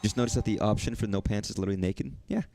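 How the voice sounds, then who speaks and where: This gaming streamer is a young southern US man whose fairly low, gravelly voice has a warm tone and moves very fast. He rambles through his let's-play, cursing and cracking jokes along the way, while soft game music sits in the background.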